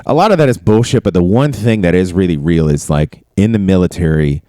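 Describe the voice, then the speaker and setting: Profane, low-voiced man telling army stories. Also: a little fast, dry recording, studio quality. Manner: profane, animated storytelling. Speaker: podcast host. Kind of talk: casual storytelling chat.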